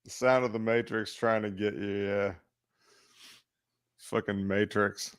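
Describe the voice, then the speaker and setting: A man's voice: lowish voice, level tone, a little slow, smooth, no room sound. A man co-hosting a podcast, bantering in a wry, joking way. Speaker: podcast co-host. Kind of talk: casual banter.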